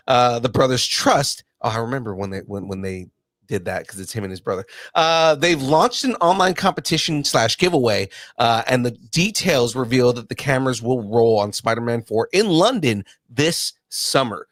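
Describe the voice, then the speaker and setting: Man, podcast host, casual chat, lively pitch, dry sound. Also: no echo. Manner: lively, reads news items aloud with jokes.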